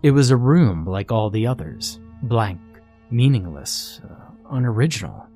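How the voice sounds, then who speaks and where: A man narrating a first-person horror story in a tense, measured, scripted way. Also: fairly low pitch, very animated, mellow, soft background music.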